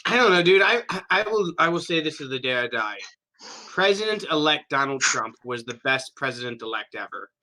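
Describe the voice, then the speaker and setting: A man's voice: fairly high pitch, very animated, a little fast. A young man co-hosting a podcast, chatting casually with profane, laughing rants. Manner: loud, profane, laughing, mock voices. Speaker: podcast co-host. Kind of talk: casual comedic chat.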